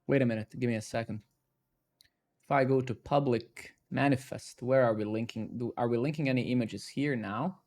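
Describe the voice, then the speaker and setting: A man speaks at a moderate pace in a mid-range voice, casually talking to himself and his viewers as he codes live. He swears and lets out excited bursts when his code works.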